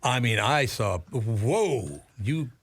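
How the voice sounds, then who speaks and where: A man's voice: medium pitch, slow, breathy edge, no room sound. An older man from Minnesota, a radio broadcaster guest, telling wry, laugh-filled stories in casual chat. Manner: wry storyteller, animated laugh-filled anecdotes.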